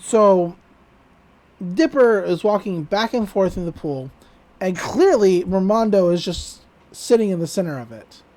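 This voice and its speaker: A woman's voice: medium pitch, expressive, a little slow, mellow. A woman co-hosting a podcast, giving a chatty, casual recap with laughs and fillers. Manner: chatty, giggly, with frequent fillers. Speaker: podcast co-host.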